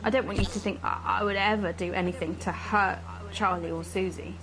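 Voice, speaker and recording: A woman's voice: mid-range voice, fairly even intonation, brisk, crowd noise, natural voice, poor audio. A woman playing an obsessive posh presenter. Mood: pleading. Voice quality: posh put-on voice slipping into broad Irish. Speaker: TV presenter character. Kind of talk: comic drama monologue.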